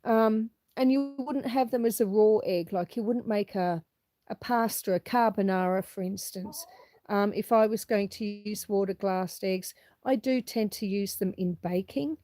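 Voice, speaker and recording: A woman's voice: mid-range voice, unhurried, dark tone, no room sound. A middle-aged woman with a cough, chatting casually on a live stream as she walks around her homestead and reads out viewer comments. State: fighting a cough. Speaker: homesteader hosting a live walk-and-talk. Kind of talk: casual live-stream chat while walking. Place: outdoors on a farm with cows nearby.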